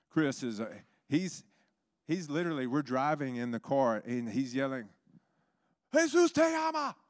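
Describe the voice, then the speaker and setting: A man who pastors a church, telling stories in a sermon, lively and acting out the people in them. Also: slow, pauses often. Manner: animated, acts out others with big pitch jumps. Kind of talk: sermon storytelling.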